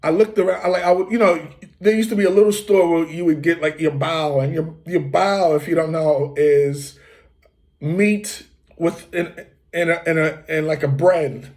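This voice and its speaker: A man from the United States hosting, telling a relaxed, rambling story full of fillers and restarts, with occasional coughs. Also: on the high side, normal speed. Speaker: host. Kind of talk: casual storytelling.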